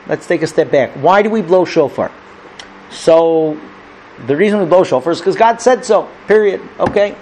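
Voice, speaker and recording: A man's voice: sits high, darkish tone, a little hiss or hum. A man, a rabbi, teaching a conversational lesson who keeps checking in with his listeners and acts out his stories. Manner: chatty, checks in with listeners by asking 'okay?' and 'right?'; tells stories and acts out the characters.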